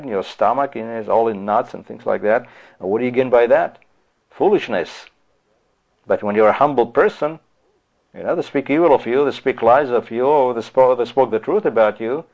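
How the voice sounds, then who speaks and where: Low-voiced man preaching a sermon. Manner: repetitive, rhetorical "you see" asides. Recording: dull lo-fi recording.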